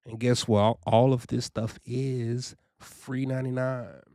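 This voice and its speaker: A young man talks in a loose, animated vlog style, filling his speech with "you know" and "man." His voice is smooth and clear at a middling pitch. The recording is dry and close. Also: a little slow, no echo. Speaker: trucking vlogger. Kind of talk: casual first-person review.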